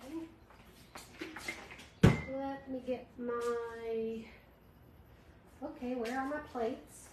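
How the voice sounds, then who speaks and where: A woman's voice: on the high side, steady tone, very slow, pauses often. A middle-aged woman, chatting casually with viewers and reading their comments as she does a craft project on a livestream. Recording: echoey room with clear background noise.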